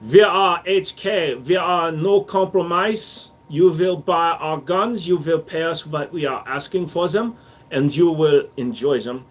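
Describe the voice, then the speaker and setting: A stern, self-important male German gun company spokesman, put on by a man in a mock German accent. He speaks slowly and in clipped, commanding phrases, a little higher than an everyday voice.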